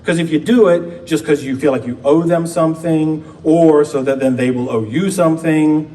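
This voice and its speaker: A man, a pastor, preaching a conversational sermon with playful asides and slow emphatic pauses in a church. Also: fairly high pitch, dark tone. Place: church sanctuary. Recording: distant mic with faint background noise.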